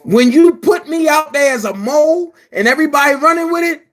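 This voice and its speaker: A man delivering a heated, profane rant to his viewers, shouting at times. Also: very high voice, brisk. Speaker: commentary vlogger. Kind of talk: angry rant to camera.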